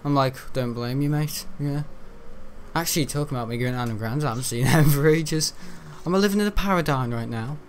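A man's voice: mid-range voice, a little fast, slight background noise. A teenage young man giving rambling, chatty let's-play commentary while he plays, often laughing. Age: teens. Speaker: gaming video host.

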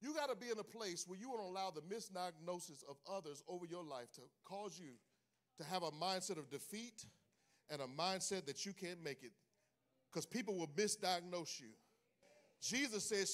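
Man, pastor, very high pitch, sung call-and-response preaching, church. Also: lively intonation, normal speed, fairly bright tone. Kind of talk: sermon. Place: church sanctuary.

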